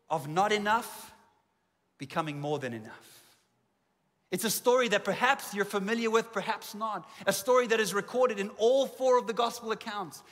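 A man preaches from a church stage, his voice high and bright, trading self-mocking jokes for strings of repeated phrases. Long reverb rings off the hall around him. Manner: humorous, self-deprecating asides; repetitive emphatic lists. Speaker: pastor. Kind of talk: sermon. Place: church auditorium.

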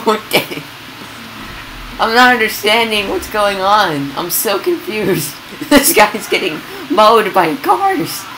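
Excitable woman gamer narrating play; bright voice, slow pace. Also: mid-range voice, a little hiss or hum, poor audio. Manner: excitable, yelps and laughs at chaos. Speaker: gameplay commentator. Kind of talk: casual game commentary.

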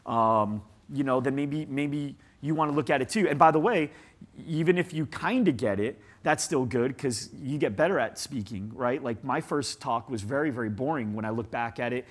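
A man speaking as a guest in an interview, animated and storytelling, leaning on "like" a lot. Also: mid-range voice, normal speed. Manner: animated, storytelling, says "like" often. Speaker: guest agency CEO. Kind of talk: conversational interview.

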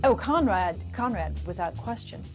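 A woman's voice: medium pitch, animated, moderate pace, soft background music. A woman actress talking about her role and her family in a giggly, candid interview. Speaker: actress guest. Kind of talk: press junket chat.

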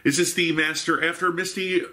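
A man's voice: a little high, little pitch movement, normal speed, bright, forceful tone. A man hosting a live reaction show, chatting and musing with wry asides. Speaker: host.

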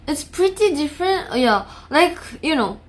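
A woman's voice: high voice, very animated, a little slow. A young woman with a Japanese accent, chatting casually with her live-stream viewers, laughing often and searching for English words.

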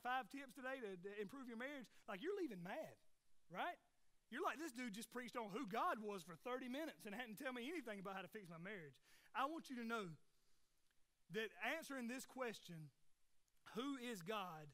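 A man's voice: extremely high pitch, bright, forceful tone. A young man preaching a sermon as a pastor, earnest and conversational, full of rhetorical questions.

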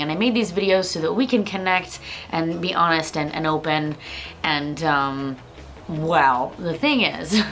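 A woman's voice: low-pitched, fairly bright tone, a little hiss or hum. A woman vlogger talking frankly and casually to her camera, with lots of ums and likes. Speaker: beer vlogger.

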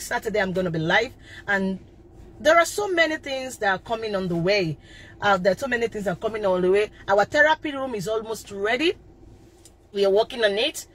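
A woman's voice: mid-range voice, a bit bright, slightly rough. A middle-aged woman giving an impassioned live talk as a parenting coach, stressing her points and often repeating and restarting phrases. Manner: emphatic, impassioned preaching.

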